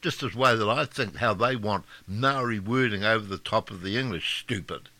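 A man's voice: lowish voice, normal speed, sharp tone, dry recording. An older man from Scotland hosting a talk show, giving blunt, mocking opinion commentary. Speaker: radio talk host.

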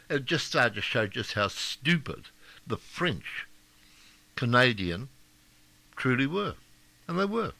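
A man's voice: mid-range voice, sharp tone, no room sound. An older man from Scotland hosting a talk show, giving blunt, mocking opinion commentary. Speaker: radio talk host.

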